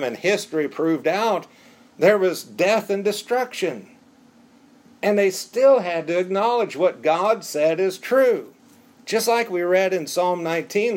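A man preaching a sermon as pastor, with an earnest, pleading emphasis and strings of rhetorical questions. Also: sits high.

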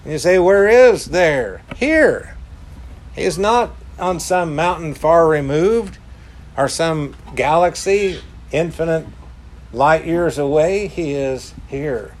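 A man preaching a sermon in a deliberate way, stressing his points by repeating key words. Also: a little high. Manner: slow, deliberate, emphatic repetition.

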